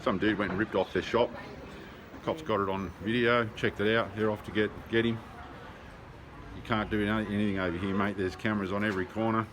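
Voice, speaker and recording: A man's voice: lowish voice, fairly even intonation, fairly quick. An Australian man vlogging while he walks and rides through city streets, talking bluntly and swearing, with lots of ums. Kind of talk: casual video diary. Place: city streets outdoors, walking and riding. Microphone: handheld phone. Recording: phone video with loud street noise.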